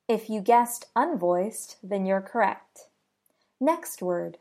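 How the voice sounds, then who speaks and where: Slow, deliberate woman with gravelly edge. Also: medium pitch, expressive, darkish tone. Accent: American. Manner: deliberate, repeats each word three times. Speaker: pronunciation teacher. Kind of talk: slow, careful pronunciation lesson.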